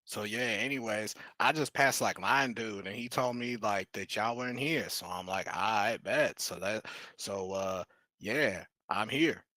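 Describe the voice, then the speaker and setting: A man's voice: lowish voice, unhurried, bright, forceful tone, no room sound. A man voicing a brash, slangy male goblin sorcerer in a tabletop role-play, rambling with street slang and cussing.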